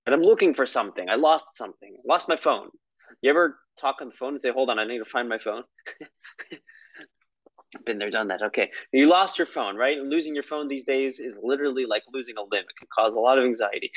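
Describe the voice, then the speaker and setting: A man's voice: medium pitch, a bit bright, no room sound, lo-fi sound. A man teaching a lesson on prayer in a conversational, storytelling way, with asides.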